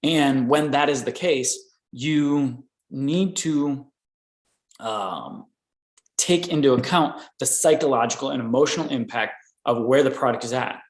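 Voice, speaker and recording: A man's voice: medium pitch, a little slow, roomy sound, rough recording. A man coaching inventors on licensing deals in a live question-and-answer session, talking energetically and tagging "right?" onto his points. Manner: energetic, repeats "right?" often.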